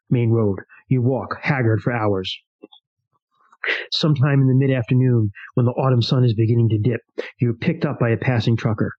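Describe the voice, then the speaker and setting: Husky man reading a horror adventure. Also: medium pitch, no echo, lo-fi sound. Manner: animated, swears casually. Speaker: host playing a solo tabletop game. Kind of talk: reading a solo adventure aloud with asides.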